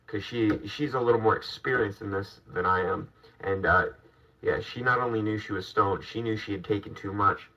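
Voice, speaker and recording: A man's voice: fairly low pitch, husky. A man hosting a casual chat, telling a rambling anecdote with wry asides. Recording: distant dull mic.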